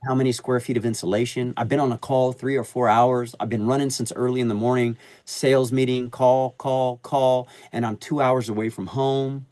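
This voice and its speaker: A man's voice: mid-range voice, normal speed, few pauses, no echo. A middle-aged man talking on a podcast, spinning stories with slangy street talk and plenty of energy. His voice sits in a middle register and is recorded dry and close, with no room sound around it. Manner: animated storyteller using slangy street talk. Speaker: HVAC sales advisor, podcast guest. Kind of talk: casual podcast conversation.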